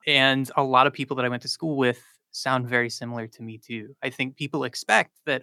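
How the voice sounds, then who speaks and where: A male linguistics professor from North Carolina explains his findings in a fluent, lecturing way, with frequent likes and ums. His voice is bright and forward, and it sounds close and dry in the studio. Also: mid-range voice, fairly quick, gravelly, few pauses, dry recording. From South Charlotte, North Carolina. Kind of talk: radio interview answers.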